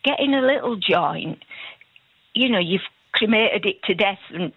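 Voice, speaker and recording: A woman's voice: medium pitch, animated, unhurried, slightly rough, no echo. Chatty Yorkshire woman on a phone-in. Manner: chatty, homely, rambling with asides. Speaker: radio phone-in caller. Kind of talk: casual phone-in chat. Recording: muffled phone-in line.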